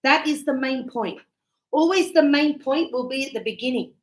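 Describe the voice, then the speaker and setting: High-voiced woman teaching in an echoey classroom. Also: moderate pace. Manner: patient, encouraging explaining with examples. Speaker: English teacher. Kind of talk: classroom grammar lesson.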